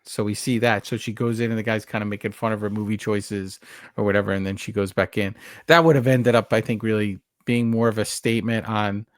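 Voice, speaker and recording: A man co-hosting a casual podcast, with a somewhat low voice. He rambles through long recaps and restarts his sentences often. His voice sounds dry and close to the mic. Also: fairly quick, dry recording. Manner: rambling, self-correcting, animated recaps. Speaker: podcast co-host. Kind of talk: casual chat about a horror movie.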